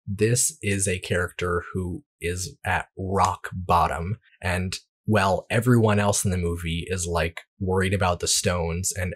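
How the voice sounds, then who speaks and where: A man's voice: low-pitched, steady tone, normal speed, hardly any pauses, husky. A man co-hosting a podcast, reviewing a movie in casual chat, rambling with lots of restarts and fillers. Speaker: podcast co-host.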